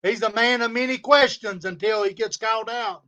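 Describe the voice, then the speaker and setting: Guy going off on a livestream, high tense voice, cussing nonstop and repeating himself. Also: normal speed, bright, forceful tone. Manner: profane, heated, repetitive insults. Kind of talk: angry livestream rant. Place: home studio.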